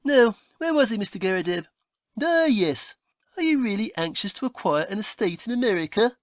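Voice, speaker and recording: A woman's voice: mid-range voice, animated, moderate pace, no echo, clean studio sound, natural voice. A woman voicing a prim, haughty male detective in a comedy audio play, with a formal, fussy, scolding manner.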